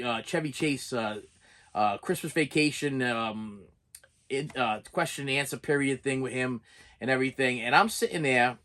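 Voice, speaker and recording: This is a middle-aged man speaking in an emotional, personal vlog monologue. He falters, repeats his words and pushes his voice higher when something upsets him. His pitch is ordinary for a man. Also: fairly bright tone. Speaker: movie collecting channel host.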